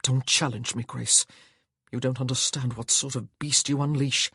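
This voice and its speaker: A man voicing a brooding, volatile nobleman who speaks low and strained, breaking into forceful outbursts. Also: steady tone, normal speed, slightly rough, no echo, studio quality. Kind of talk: audiobook character voice.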